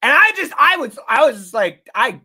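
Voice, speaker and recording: A man hosting a casual live-stream sports talk show, swearing often, rambling excitedly and reading out viewer comments. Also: extremely high pitch, fairly quick, husky. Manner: reads out and thanks chat viewers.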